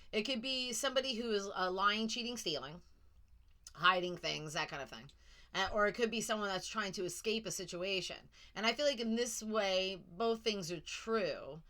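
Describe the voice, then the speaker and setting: A woman's voice: medium pitch, sharp tone. A woman giving a casual tarot reading to viewers, blunt and sassy, swearing now and then. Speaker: tarot reader. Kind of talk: casual psychic reading monologue.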